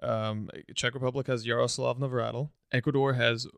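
A man co-hosts a casual sports podcast, his voice gravelly with audible fry. The sound is dry and close, with no room around it. He talks in a relaxed, teasing way, hesitating with "um" as he goes. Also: mid-range voice, normal speed, no echo. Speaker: podcast co-host.

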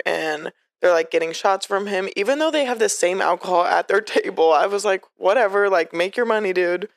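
A woman's voice: on the low side, creaky, no echo, studio quality. A young woman co-hosting a podcast, telling stories in casual, swearing chat. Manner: chatty storyteller, swears freely. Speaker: podcast co-host.

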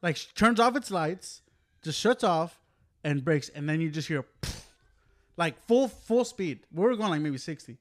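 A man co-hosting a podcast in casual chat, relaxed and filler-heavy, laughing as he tells a driving story. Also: a little high, moderate pace. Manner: relaxed, laughs often, says "like" and "dude". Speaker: podcast co-host.

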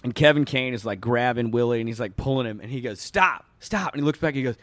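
A man in his thirties telling a long story on a casual podcast, full of fillers, acting out quoted lines in a louder voice. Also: mid-range voice, racing, no room sound. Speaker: podcast guest.

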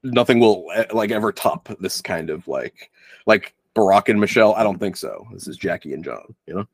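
A man's voice: fairly low pitch, lively intonation, normal speed, slightly rough, dry recording, studio quality. A man co-hosting a casual chat podcast, wisecracking and laughing, with lots of fillers. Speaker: podcast co-host.

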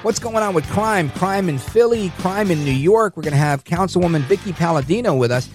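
A man's voice: high-pitched, expressive, brisk, faint music behind. A middle-aged man hosting a political talk radio show, speaking emphatically and telling stories, acting out quotes as he goes. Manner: emphatic, storytelling, acts out quotes. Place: radio studio.

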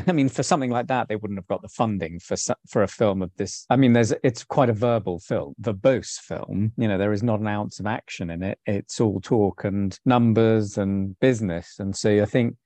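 A man's voice: fairly low pitch, normal speed, few pauses, warm tone, no echo. A man co-hosting a film club chat, talking casually and easily breaking into laughter. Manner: chatty, laughs often, backchannels.

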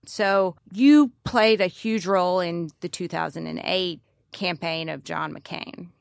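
A woman's voice: on the low side, a little slow, no echo, clean studio sound. A woman interviewing a guest, asking open questions in a conversational way. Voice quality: gravelly.

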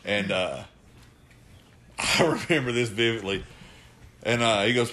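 A man's voice: medium pitch, lively intonation, a little slow, pauses often, pushed and bright. A man, a podcast co-host telling a wrestling story in casual chat, profane and laughing often.

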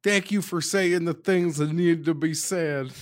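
A man on a casual sports podcast, ranting with a lot of swearing and breaking into shouts. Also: fairly high pitch, unhurried, no echo. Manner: profane, ranting, swings into shouting.

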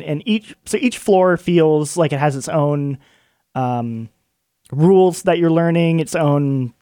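A man chatting casually as a podcast panelist in a rambling, relaxed way. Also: fairly high pitch, clear, resonant tone, no echo, studio quality. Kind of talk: casual chat.

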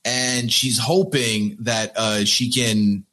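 A man's voice: medium pitch, steady tone, takes it slowly, bright, forceful tone. A man co-hosting a casual podcast, chatty and repeating words as he thinks aloud. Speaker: podcast co-host.

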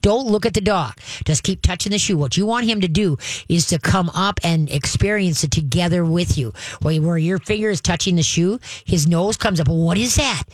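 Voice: mid-range voice, normal speed, few pauses, no echo. A dog trainer giving advice in conversation, emphatic and hands-on, often checking in with "all right?" and acting out growls and commands.

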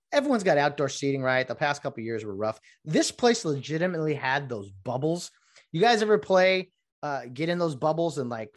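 A middle-aged man in a casual, rambling monologue, full of jokey asides. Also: medium pitch.

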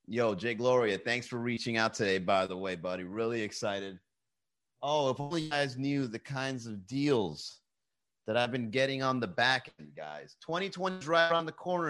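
Joking, foul-mouthed podcast host. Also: male voice, a little high, a bit bright. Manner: loose, joking, reads chat comments aloud, swears freely. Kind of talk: casual live-stream chat.

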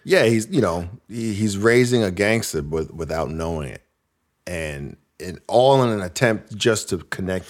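A man hosting a casual comedy podcast who reads listener letters aloud, reacts with plenty of laughter, and keeps up an animated, joking delivery. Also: low-pitched, a little slow. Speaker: podcast host.

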